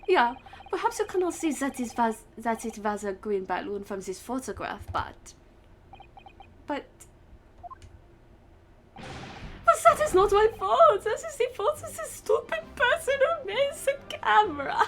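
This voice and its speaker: Woman voicing an excitable young balloon photographer. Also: fairly high pitch, moderate pace, slight background noise, close to an everyday voice. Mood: indignant. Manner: indignant, stammering, blames others.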